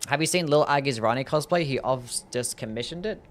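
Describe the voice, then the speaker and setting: A man's voice: mid-range voice, brisk. Laid-back young male streamer. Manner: laid-back, swears, reads chat. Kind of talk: casual gameplay commentary.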